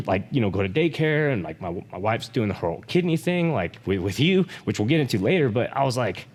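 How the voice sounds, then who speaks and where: A man's voice: mid-range voice, sing-song, fairly quick, a little mellow, big-room sound. A man co-hosting a podcast, talking candidly and emotionally with lots of "like" fillers and swearing. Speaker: podcast co-host.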